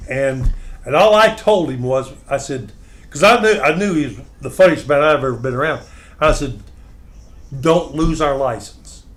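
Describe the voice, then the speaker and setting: A man's voice: mid-range voice, normal speed, a bit bright. A man hosting a radio morning show, reminiscing in casual chat. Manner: reminiscing, rambling with restarts.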